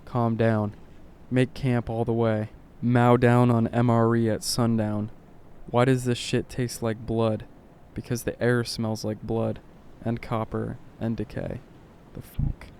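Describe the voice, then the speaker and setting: A man reading a horror story aloud in short clipped lines, keeping his voice low and subdued. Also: monotone, measured pace, darkish tone, a little hiss or hum. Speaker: narrator.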